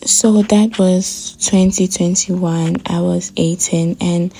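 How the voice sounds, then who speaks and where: A young woman in her early twenties hosts a faith podcast, exhorting listeners and driving her points home by repeating them. Her voice sits low and fairly flat, with a dark, slightly husky tone. Soft music plays faintly behind her. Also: slow pace. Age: early 20s. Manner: earnest, exhorting, repeats phrases for emphasis. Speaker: podcast host.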